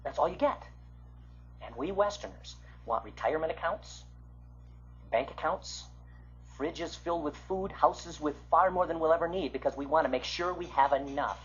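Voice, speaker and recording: An older man from the Midwest giving an illustrated Bible lecture, with a husky voice that swings from loud to hushed. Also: on the high side, normal speed. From American Midwest. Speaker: Bible teacher. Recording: muffled lo-fi recording.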